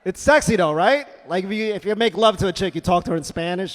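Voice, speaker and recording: A man doing a stand-up comedy set with a punchy, animated delivery. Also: high voice, quick pace, in a large hall. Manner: animated, punchy delivery with silly acted-out voices. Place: comedy club stage.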